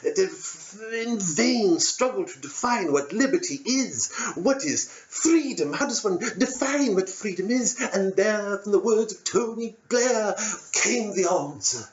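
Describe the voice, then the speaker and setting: A man's voice: high voice, exaggerated voice. A man playing a dim, rambling British pub-going bloke with a put-on British accent, repeating and correcting himself in an earnest comic monologue. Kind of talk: satirical stand-up character monologue. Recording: dull lo-fi audio.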